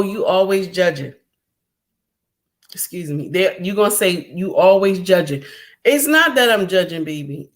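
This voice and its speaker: A woman's voice: mid-range voice, fairly bright tone. Emphatic middle-aged woman livestreaming commentary. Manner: emphatic, repetitive, addresses viewers directly. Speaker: livestream host.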